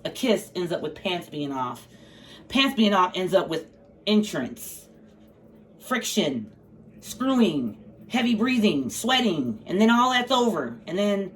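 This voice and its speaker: A woman's voice: on the low side, expressive, moderate pace. A woman giving a casual tarot reading, blunt and profane, with sassy asides. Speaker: tarot reader. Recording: slightly distant mic, faint background noise.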